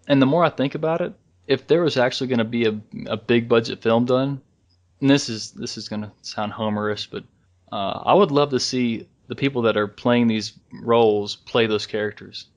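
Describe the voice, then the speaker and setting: A man co-hosting a casual fan podcast, rambling in a relaxed way, with restarts and chuckles. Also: medium pitch, moderate pace. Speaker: podcast co-host.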